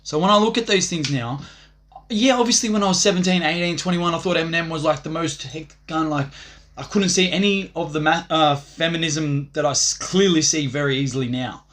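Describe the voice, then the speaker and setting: A man's voice: on the high side, a little fast, a bit bright. Profane rambling man ranting. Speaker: livestreamer. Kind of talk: rambling livestream rant.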